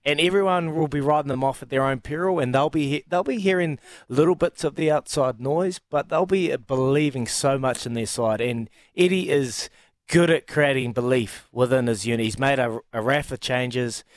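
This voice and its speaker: As a guest on casual sports radio, a New Zealand man who once played rugby talks with a local accent at a normal pace. His voice is mid-range on a dry recording, and he's keen, often restarting sentences.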